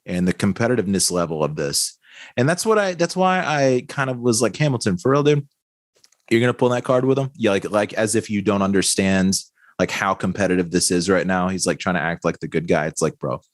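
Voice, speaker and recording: A man co-hosting a podcast in casual chat, relaxed and chatty, full of "dude" and "like". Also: low-pitched, brisk, no room sound. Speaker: podcast co-host.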